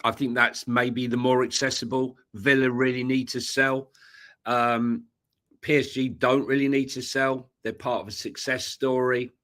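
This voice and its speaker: A man's voice: mid-range voice, flat delivery, unhurried, a bit bright. A man co-hosting a live football podcast, talking casually with lots of fillers and restarts. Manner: hesitant, many fillers and restarts. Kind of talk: casual live-stream chat.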